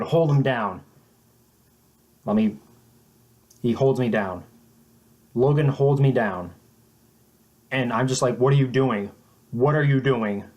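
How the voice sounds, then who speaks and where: Halting deadpan young man telling a tale. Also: mid-range voice. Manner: halting and deadpan, with many restarts. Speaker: vlogger. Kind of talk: mock-serious storytelling.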